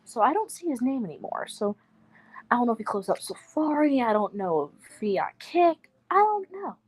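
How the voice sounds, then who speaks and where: A woman's voice: fairly high pitch, big pitch swings, normal speed, rough recording. A young woman chatting casually on a livestream, rambling through stories with restarts. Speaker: livestream guest.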